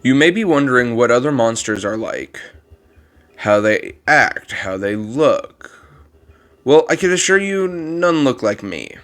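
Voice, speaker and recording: A man's voice: mid-range voice, expressive, unhurried. A man voicing a kindly old male monster who looks after a child, talking in a formal, rambling way with a strained put-on voice. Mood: wistful. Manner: gentle, formal and fond of rambling. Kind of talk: reading game dialogue aloud.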